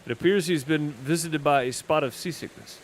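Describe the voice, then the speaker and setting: A man's voice: fairly high pitch, a little fast, a little hiss or hum. A man hosting a let's play, reading game text aloud and commenting, self-deprecating and stumbling over words. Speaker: gaming channel host.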